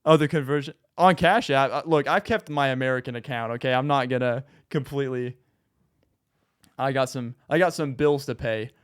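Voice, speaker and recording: A man's voice: mid-range voice, normal speed, clean tone. A young man hosting a podcast, talking in an easygoing, chatty way with plenty of fillers. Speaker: podcast host. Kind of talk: casual podcast chat.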